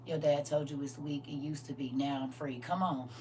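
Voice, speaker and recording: Woman w/ preaching on a livestream, kinda low voice, a bit far from the mic, faint hum. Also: steady tone, normal speed, warm tone. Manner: folksy, emphatic, repeats "listen" and "y'all". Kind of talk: live-stream preaching, reading comments.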